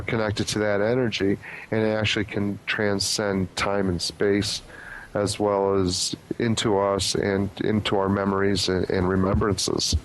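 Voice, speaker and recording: A man's voice: on the low side, slight background noise, poor audio. A man being interviewed as a paranormal investigator, explaining his theories in an earnest, speculative way. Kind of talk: casual podcast interview.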